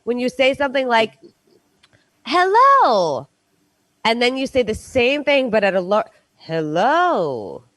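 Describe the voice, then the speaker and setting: Chatty, animated woman host. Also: fairly high pitch, quick pace, few pauses, no room sound, low-quality recording. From New York. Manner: rambling, animated storytelling with playful voices. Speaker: quiz show host. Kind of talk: casual chat.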